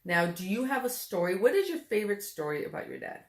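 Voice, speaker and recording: A woman's voice: medium pitch, very animated, fast talker. A middle-aged mother chatting casually and telling family stories, laughing easily as she talks. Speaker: vlogger, mother. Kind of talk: casual chat. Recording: echoey room.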